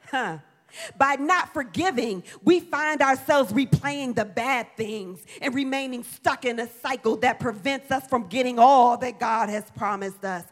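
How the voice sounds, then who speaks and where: Woman preacher, bright high voice, fervent sermon delivery, sanctuary echo with a long tail. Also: a little slow. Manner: impassioned, asks rhetorical questions, builds to shouts.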